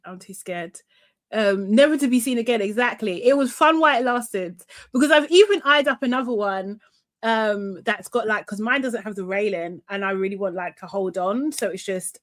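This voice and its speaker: A woman's voice: medium pitch, normal speed. A young woman hosting a live show, chatting casually, reading out chat comments, laughing often and swearing freely.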